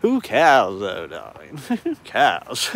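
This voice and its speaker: A man's voice: mid-range voice, wildly swooping pitch, slow, a bit bright, slight background noise. A man walking outdoors and rambling through an improvised comic monologue, breaking into silly voices. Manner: improvised, jumps into silly impressions. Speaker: vlogger.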